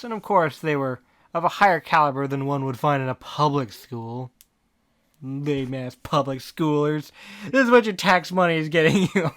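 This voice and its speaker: A podcast host reading fan fiction aloud in a deadpan tone, breaking off for snarky comments. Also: mid-range voice. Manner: deadpan reading broken by snarky asides and laughter. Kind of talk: comic fanfic reading with asides.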